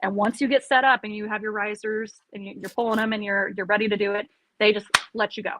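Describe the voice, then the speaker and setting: Bright, animated woman telling stories. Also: mid-range voice, fast talker, no room sound, rough recording. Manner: animated storyteller, laughs often. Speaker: army career counselor. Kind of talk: casual podcast chat.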